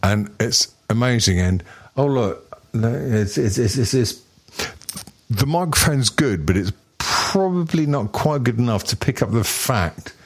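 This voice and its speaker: A man's voice: medium pitch, expressive, unhurried, breathy edge. A middle-aged man co-hosting a podcast, chatting in a rambling, self-mocking way, swearing freely. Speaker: podcast co-host. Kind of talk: casual profane chat.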